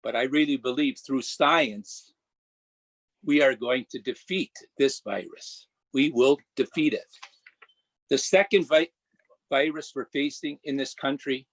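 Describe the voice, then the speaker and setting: An older man from Minnesota speaks as a council member in an earnest, deliberate way, sometimes breaking off a word and starting again. His voice sits at an ordinary middle pitch. The sound is dry and close, with little room around it. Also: fairly bright tone, no room sound. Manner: earnest and deliberate, with halting restarts. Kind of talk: prepared remarks at a council meeting. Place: council chamber.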